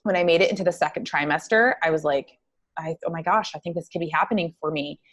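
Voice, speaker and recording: A woman guest telling her own story in an interview, earnest and halting, with many fillers. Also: sits low, a bit bright. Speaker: guest psychologist.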